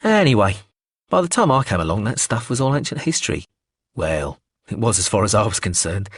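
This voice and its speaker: A man's voice: on the low side, sing-song, a little fast, husky, no echo, clean studio sound, exaggerated voice. A man voicing a cocky, foul-mouthed male hustler in an audiobook, talking in a boastful, swaggering way. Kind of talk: audiobook character reading.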